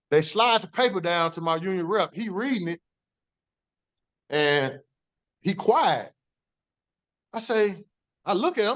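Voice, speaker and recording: A man's voice: sits high, lively intonation, a little slow, long pauses, fairly bright tone. Man telling his story, profane and emphatic. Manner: profane, emphatic, acts out quoted dialogue. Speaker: former corrections officer telling his story. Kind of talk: animated storytelling in an interview.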